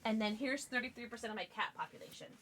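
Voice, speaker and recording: A woman livestreaming a game from home, chatting excitedly with her viewers and cooing at her pets. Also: fairly high pitch, quick pace. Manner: bubbly and excitable, greets chat; talks baby talk to her pets. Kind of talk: casual livestream chat while gaming.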